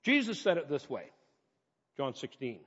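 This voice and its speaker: A man's voice: medium pitch, sing-song, moderate pace, fairly bright tone, breathy edge. A man preaching a sermon as pastor, earnest and conversational, rising to impassioned peaks, recorded in a church. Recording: reverberant hall, dull muffled sound.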